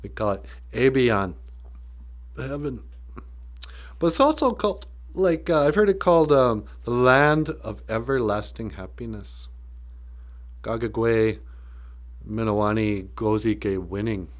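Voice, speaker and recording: A man's voice: mid-range voice, sing-song, unhurried. A man teaching a language on a livestream in a casual, joking way, laughing often.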